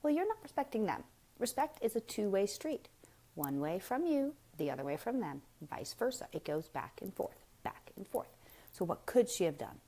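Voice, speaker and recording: Speaking straight to her viewers on a casual live stream, a woman gives a frank, blunt parenting talk packed with rhetorical questions. Her mid-range voice is mellow and sing-song, with a moderate pace and emphatic delivery.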